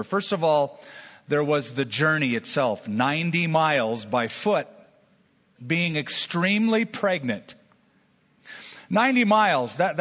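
Brief: male pastor, slightly high voice, storytelling sermon, long hall echo, dull lo-fi sound. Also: fairly bright tone. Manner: storytelling, folksy asides and jokes.

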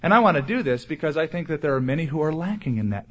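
A man preaching a sermon in an earnest, deliberate way, slowing down and rising in force on questions. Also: fairly high pitch, lively intonation, a bit bright, slightly rough, dull audio. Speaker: pastor.

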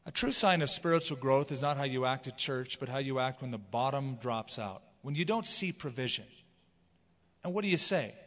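A man's voice: medium pitch, expressive, normal speed, fairly bright tone. A man preaching a sermon, teaching through the Bible and reading scripture aloud with expression. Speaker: pastor. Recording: long hall reverb.

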